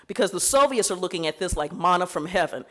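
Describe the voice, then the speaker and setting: Animated woman lecturing with acted-out quotes. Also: lowish voice, fast talker. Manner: animated storytelling, acting out quoted voices, laughing. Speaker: keynote speaker. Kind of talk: lively historical lecture. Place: conference hall.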